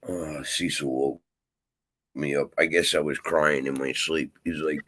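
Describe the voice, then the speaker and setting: A man's voice: extremely low pitch, fairly even intonation, a little slow, fairly bright tone, no echo, rough recording. A man rambling and swearing freely in a casual vlog monologue. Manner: profane, rambling, grumbling. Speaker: vlogger.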